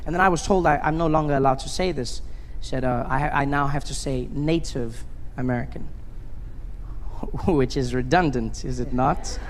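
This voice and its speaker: Wry South African stand-up comic. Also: male voice, medium pitch. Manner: conversational, wry, questioning. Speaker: stand-up comedian. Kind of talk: stand-up comedy. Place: live comedy venue. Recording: live stand-up in a reverberant hall, faint noise.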